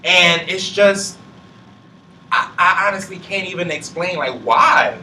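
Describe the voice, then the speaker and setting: Young man, bright higher voice, impassioned casual chat, roomy distant mic. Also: animated, measured pace. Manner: blunt, impassioned, swears freely. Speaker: panelist. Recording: roomy sound from a distant mic with faint noise.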